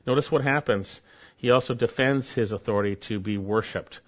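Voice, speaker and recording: A man preaching a sermon and teaching from scripture. He speaks emphatically, repeats key phrases, and swings from loud to soft. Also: mid-range voice, brisk, muffled recording. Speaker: pastor. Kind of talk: expository sermon.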